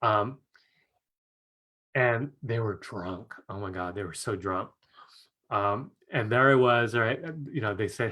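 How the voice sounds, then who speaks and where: This man's voice is fairly low, bright, and forceful, and he takes his time with frequent pauses. Teaching a live online class chattily, he tells a story with laughter and checks in with "right?" often.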